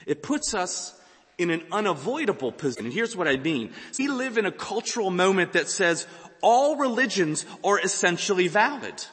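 Emphatic male preacher, high and expressive, voice ringing in a big hall. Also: moderate pace. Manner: animated, emphatic delivery with dramatic quotes. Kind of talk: sermon.

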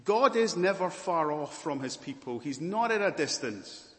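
Guy preaching a sermon, earnest, goes loud then real soft, echoey church hall. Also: fairly high pitch, very animated, a little slow. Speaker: pastor. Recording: long hall reverb.

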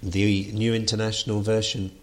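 A man's voice: lowish voice, little pitch movement, normal speed. A man giving an unscripted lecture on Bible translation, thoughtful, with frequent fillers and restarts.

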